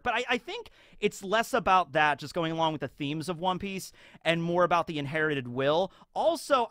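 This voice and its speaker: A man giving casual, rambling commentary as an anime theory YouTuber, animated and laughing often. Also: a little high, no echo, studio quality.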